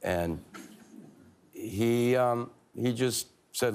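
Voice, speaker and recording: A man, a former hockey player telling candid stories in a TV studio interview, halting with many fillers and restarts. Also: low-pitched, fairly even intonation.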